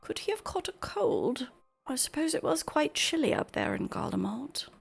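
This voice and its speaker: A woman streamer voicing a fretful companion character in a high, breathy, worried voice while reading game dialogue aloud. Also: big pitch swings, normal speed, faint music behind, full character voice.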